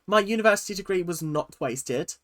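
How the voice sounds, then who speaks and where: A man hosting a reaction video, talking casually with a bright, lively voice. He jokes around and laughs at himself as he comments. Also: high voice, fairly quick. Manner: animated, jokey, laughs at himself.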